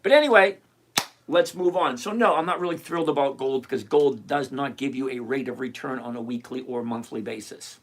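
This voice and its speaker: A man's voice: mid-range voice, brisk. An older retired man hosting a live stream, chatting casually and emphatically as he answers viewers by name. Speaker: livestream host answering viewer questions.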